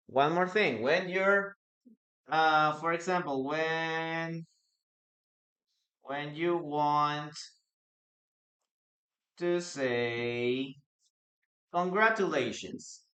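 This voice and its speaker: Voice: medium pitch, extremely slow, long pauses, a bit bright. An English teacher from Peru, giving a casual bilingual lesson and acting out short example dialogues, often tagging explanations with "no?". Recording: slightly dull lo-fi recording.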